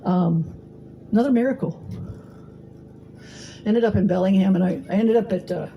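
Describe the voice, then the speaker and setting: Gravelly, blunt middle-aged woman. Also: medium pitch, moderate pace, highs cut off, slight background noise. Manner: blunt, salty storytelling with frequent fillers. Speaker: recovery meeting speaker. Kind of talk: personal testimony talk. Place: meeting hall.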